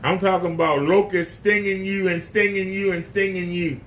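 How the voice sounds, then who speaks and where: Man preacher, casual spoken sermon, emphatic and folksy, slightly high voice. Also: fairly even intonation, normal speed, fairly bright tone, slight background noise.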